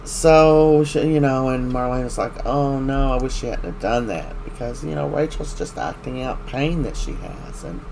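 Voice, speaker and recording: A man's voice: medium pitch, normal speed, creaky, few pauses, a little mellow, slight background noise. A man recapping a soap opera in casual chat, rambling and opinionated as he retells scenes.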